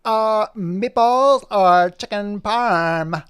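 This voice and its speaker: A man voicing an excited female cartoon dog in a raised, drawn-out voice. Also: sits high, smooth, no echo, studio quality, pitched above the performer's own voice, heavily acted.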